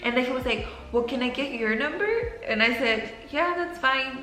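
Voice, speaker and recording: Bright-voiced young woman in an echoey room. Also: a little high, quick pace. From Mexico. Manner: animated, laughing, acts out quotes. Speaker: vlogger telling a story with her partner. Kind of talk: casual storytime chat. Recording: echoey room, faint music.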